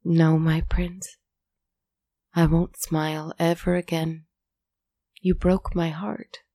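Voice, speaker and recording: A woman voicing a sad, aloof mysterious young noblewoman in a storybook tale, speaking slowly and with sorrow. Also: sits low, flat delivery, warm tone, no room sound. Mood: sorrowful. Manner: slow, sorrowful and stern.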